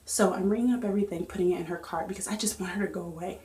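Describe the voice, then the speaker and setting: A young woman vlogger chatting through a storytime in an animated, lively way. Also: mid-range voice, rapid-fire. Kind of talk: storytime vlog. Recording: echoey room.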